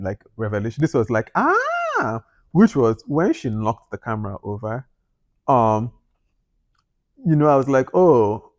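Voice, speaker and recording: Animated man reviewing a film, dry sound. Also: medium pitch, no room sound. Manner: animated, rambling, acts out reactions with gasps. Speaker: movie reviewer. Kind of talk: casual spoken film review.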